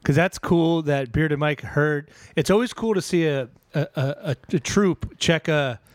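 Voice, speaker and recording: A man in casual podcast chat, animated, profane and quick to cut in. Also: on the high side, dry recording. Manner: animated, interrupts, profane, laughs often.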